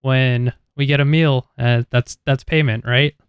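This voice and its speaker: A laid-back male rogue in a tabletop game who rambles and dodges questions, acted by a man. His voice is mid-pitched, smooth, and recorded close and dry. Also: steady tone, measured pace, no room sound, close to an everyday voice. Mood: easygoing. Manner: casual, rambling, evasive. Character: easygoing male rogue companion, Morthos.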